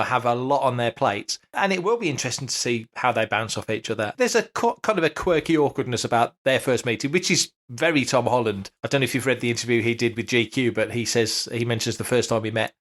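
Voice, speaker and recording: A man's voice: mid-range voice, fairly bright tone. A man from Britain co-hosting a podcast, in casual chat, chatty and laughing as he tells anecdotes. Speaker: podcast co-host.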